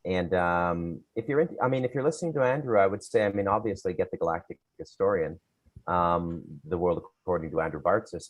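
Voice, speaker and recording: Man, writer, casual chat, dry teasing, very deep voice. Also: brisk, dry recording, lo-fi sound. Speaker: writer and radio guest.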